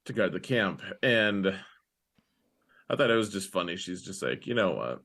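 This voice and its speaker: A young man co-hosting a relaxed podcast chat in a lowish voice. He rambles through his thoughts with plenty of fillers, slipping into quick quoted lines as he retells scenes. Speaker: podcast co-host. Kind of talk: casual chat.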